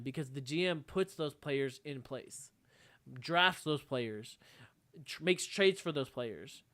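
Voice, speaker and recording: A man's voice: a little high, no room sound. A man co-hosting a sports podcast, venting in a heated, profane, exasperated rant. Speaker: podcast co-host.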